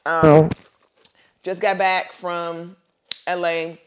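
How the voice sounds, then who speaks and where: A woman's voice: on the low side, very slow, clean tone. A young woman, co-hosting a podcast, tells a long story in casual chat, swearing freely and acting out what people said. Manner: animated storyteller, profane, acts out quotes. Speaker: podcast co-host.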